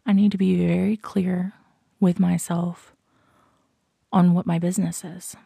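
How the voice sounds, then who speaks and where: On her podcast, a woman with a low, husky, creaky voice delivers a slow, thoughtful motivational talk in a level tone. She often slips into soft whispers and asks the listener the same questions again. The recording is clean studio sound without echo.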